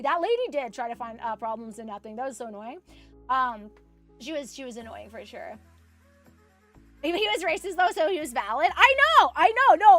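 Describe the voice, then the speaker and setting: High-voiced young woman rambling casually. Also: a bit bright. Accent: Canadian. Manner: rambling, many "like"s and restarts, laughs a lot. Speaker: vlogger chatting with live viewers. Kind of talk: casual storytelling chat. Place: home, sewing while chatting.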